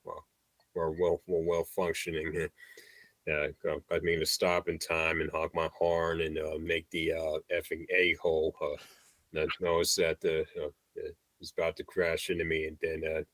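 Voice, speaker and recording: A man with a very deep voice chats on a livestream, stumbling through sentences with many pauses and repeats. The sound is dry, with no room behind it. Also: monotone, fairly bright tone, no echo. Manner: halting, many uh fillers and repeats. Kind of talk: casual chat.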